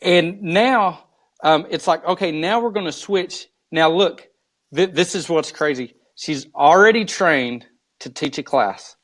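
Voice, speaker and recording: Male pastor guest, slow storyteller, slightly high voice. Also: fairly bright tone. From United States. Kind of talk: live video interview.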